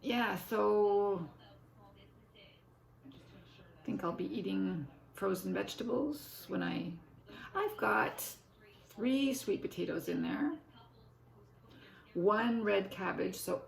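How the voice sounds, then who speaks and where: A woman's voice: medium pitch, slow, gravelly, long pauses. An older woman, chatting casually in a meandering way and breaking off into forgetful asides to herself. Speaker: vlogger. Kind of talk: casual rambling chat. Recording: echoey room.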